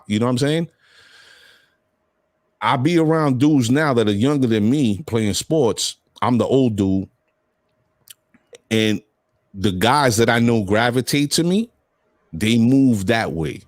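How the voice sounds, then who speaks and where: A man's voice: on the low side, measured pace, long pauses, no echo, clean studio sound. A man hosting a casual podcast chat, talking bluntly and animatedly. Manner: blunt, animated storytelling with profanity. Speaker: podcast host.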